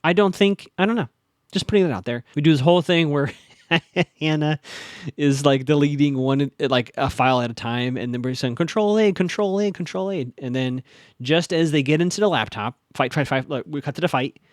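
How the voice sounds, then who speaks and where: A man hosting a solo podcast, chatting casually through an episode recap, theorizing and quickly acting out characters' lines. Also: medium pitch, no room sound, studio quality.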